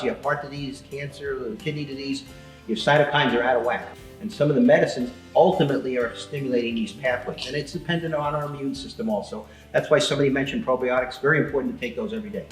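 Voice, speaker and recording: A man presents a seminar from slides in a loose, conversational way, stopping to quiz the audience. His voice sits at a middle pitch and rings out in an echoey hall. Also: fast, faint music behind. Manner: casual, chatty, quizzes the audience. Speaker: seminar speaker. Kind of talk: live seminar talk with slides.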